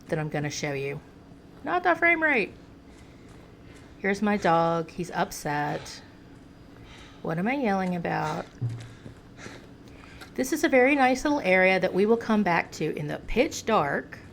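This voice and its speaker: A woman's voice: medium pitch, big pitch swings, measured pace, vocal fry, long pauses, a little hiss or hum. An American woman giving chatty gameplay commentary, talking to the game's hero the way she talks to a pet. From United States. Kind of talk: casual game commentary.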